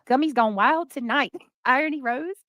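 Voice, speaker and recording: A woman's voice: high voice, normal speed, a bit bright, dry recording, clean studio sound. A woman hosting a casual livestream, greeting chatters by name. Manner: greets chatters by name, breaks into bits of song. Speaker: livestream host.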